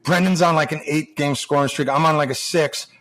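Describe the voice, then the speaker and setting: Middle-aged male podcast guest, pitched a bit high, swears freely and tells animated stories in a loose, casual way. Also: fairly quick. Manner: animated, profane anecdote-telling with restarts. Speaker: podcast guest, former hockey player. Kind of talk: casual storytelling chat.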